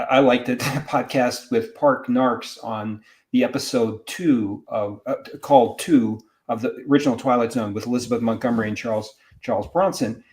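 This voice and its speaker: A man, a professor, talking as a podcast guest in a casual, animated way, often restarting his sentences. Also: medium pitch. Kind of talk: casual discussion.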